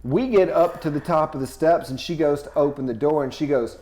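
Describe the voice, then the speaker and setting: Animated profane male comedian storyteller. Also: fairly quick. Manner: animated, profane, swings between low asides and loud outbursts. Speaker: touring comedian guest.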